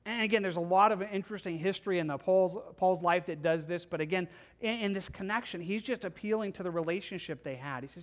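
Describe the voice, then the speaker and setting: Earnest higher-voiced male pastor preaching. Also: fast. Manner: earnest, pleading, paraphrases scripture with frequent stammered restarts. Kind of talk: sermon.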